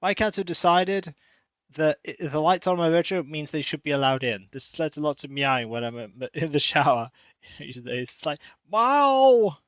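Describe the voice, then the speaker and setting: Man, streamer, casual chat, coos at his cat, higher voice, dry close mic. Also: fairly even intonation, normal speed, a bit bright, dry recording. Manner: chatty, coos and baby-talks to his cat.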